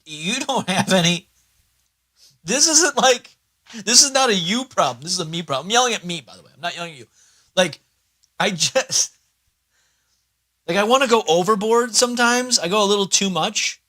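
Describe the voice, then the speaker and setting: A man's voice: high-pitched, animated, normal speed, long pauses, sharp tone. A young man chatting casually on a livestream, rambling and swearing, sometimes talking himself through his computer setup. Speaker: streamer.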